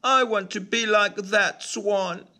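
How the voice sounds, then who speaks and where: A man's voice: sits high, fairly even intonation, slow pace, sharp tone, voice pushed up, exaggerated voice. A man voicing a sad, lonely little male duckling in a storybook reading, plaintive and childlike.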